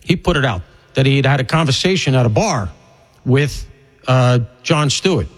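A middle-aged man hosting a talk radio show, delivering an opinionated monologue in a conversational way that wanders off on tangents as he thinks aloud. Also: moderate pace. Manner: animated and conversational, swinging pitch widely for emphasis. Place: broadcast studio.

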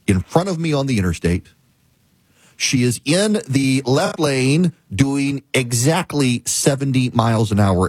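Casting: male host, husky dry voice, ranting storyteller. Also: medium pitch, dry recording. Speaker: talk show host. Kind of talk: casual monologue.

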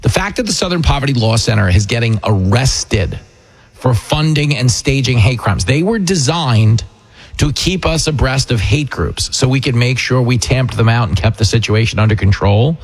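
A man's voice: mid-range voice, animated, normal speed, breathy edge. A man hosting a political talk radio show, delivering an opinionated monologue in a combative, sarcastic way. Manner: combative, sarcastic, mocking impressions.

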